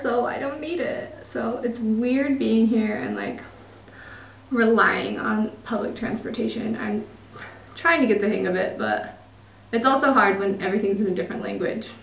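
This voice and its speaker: The recording is rough and reverberant, with a distant mic, capturing a high, gravelly female voice. She's a young adult vlogger from Utah with an American accent, chatting casually on camera, laughing a lot and leaning on fillers.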